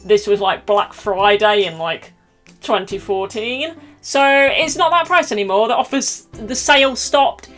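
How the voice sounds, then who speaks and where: A young woman chatting through a storytime vlog, animated and laughing often as she acts out the quotes. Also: mid-range voice, unhurried, faint music behind. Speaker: YouTuber telling a story. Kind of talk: casual storytime chat.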